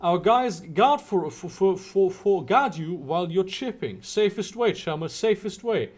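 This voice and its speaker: A man's voice: sits high, expressive, a little slow. A man doing a slick street dealer. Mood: salesy. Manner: slick sales patter. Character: pushy street dealer man hawking chips.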